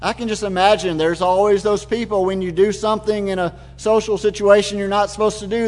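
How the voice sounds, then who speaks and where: A man's voice: high voice, flat delivery, a little fast, few pauses, a little mellow. A man preaching a sermon, retelling the scene in vivid, imaginative detail. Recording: long hall reverb.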